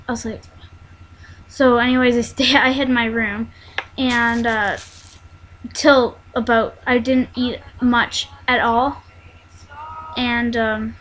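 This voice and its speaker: A teenage girl telling a personal story in a vlog, halting and rambling, with many fillers and restarts. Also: fairly high pitch, steady tone, a bit bright, low-quality recording. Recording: faint background noise.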